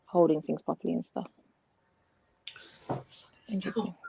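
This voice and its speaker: A woman's voice: fairly low pitch, fairly even intonation, normal speed, gravelly, warm tone, husky, no room sound. A woman who teaches, chatting on a live stream and giving emphatic advice. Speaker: teacher, co-host. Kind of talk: casual chat. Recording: dull lo-fi sound.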